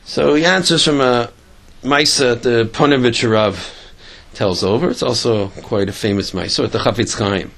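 A man teaching a religious lesson by telling a story, halting often, repeating words and restarting his sentences. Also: mid-range voice, creaky, a bit bright.

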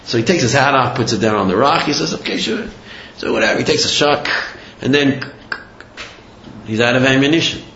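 A man teaching a religious lesson, telling a story in an animated, digressive way with many fillers. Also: mid-range voice, fairly quick, a little hiss or hum. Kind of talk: sermon with storytelling. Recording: roomy, slightly dull recording.

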